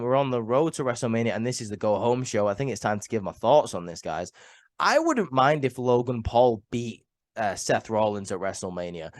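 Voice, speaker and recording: A man's voice: mid-range voice, no echo, clean studio sound. Sniffly man giving a chatty review. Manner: chatty and opinionated, many "um" and "like" fillers, repeats words. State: ill, sniffling. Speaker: wrestling show reviewer. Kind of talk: casual solo review.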